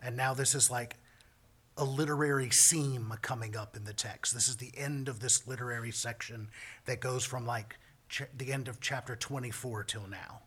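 A man explains scripture in an earnest, emphatic way. His voice is bright and forceful, with a husky, breathy edge. His hushed stretches sink to a near-whisper. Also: mid-range voice, fairly even intonation, moderate pace. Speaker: Bible teacher. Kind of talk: Bible teaching with commentary.

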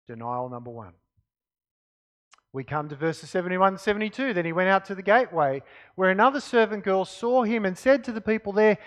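Male preacher, sermon, high voice, very lively pitch, expressive scripture reading. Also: normal speed. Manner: expressive Bible reading, dropping to quiet emphasis.

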